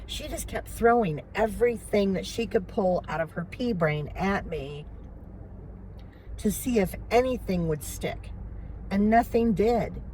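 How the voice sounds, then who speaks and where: A woman's voice: mid-range voice, animated, a little slow, rough recording. An older woman vlogging from a car, upset and holding back tears as she recounts an argument. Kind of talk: emotional personal vlog. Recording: loud road noise in a car.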